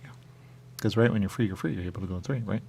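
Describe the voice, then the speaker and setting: A man's voice: lowish voice, racing, creaky, a little mellow, slight background noise. A man hosting a radio show, rambling and musing aloud in casual chat.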